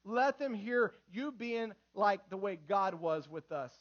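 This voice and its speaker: A man in his thirties preaching a sermon in church, lively and full of acted quotes. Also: high-pitched, slow, highs cut off. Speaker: pastor.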